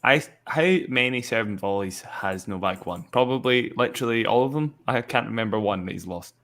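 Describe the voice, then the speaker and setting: A man's voice: mid-range voice, fairly quick, fairly bright tone. Guy doing casual tennis commentary, noticing little details, mid voice. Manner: analytical, observant.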